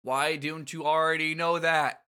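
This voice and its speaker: Brief: man, sarcastic podcast co-host, bright tense voice, casual. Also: a little high, level tone, unhurried, smooth. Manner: wry, sarcastic, swears casually. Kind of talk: casual recap chat.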